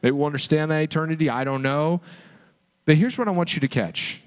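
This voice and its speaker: A man with a high voice delivers a sermon as a pastor. He tells the story in an animated way and keeps asking his listeners rhetorical questions. His voice carries a long reverb, as from a large hall. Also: fairly quick, clear, resonant tone.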